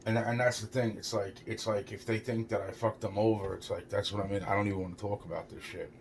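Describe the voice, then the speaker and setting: A man's voice: lowish voice, flat delivery, fast talker, gravelly, background noise. A young man rambling through a personal story, stumbling over his words, repeating "it's like" and swearing a lot. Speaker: storyteller recounting a personal experience.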